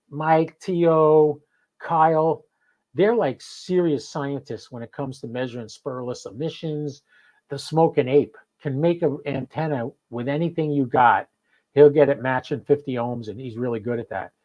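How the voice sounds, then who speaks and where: A man's voice: fairly high pitch, a little slow, darkish tone, low-quality recording. Chatty New man ranting. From New Jersey. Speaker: host. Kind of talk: live podcast chat.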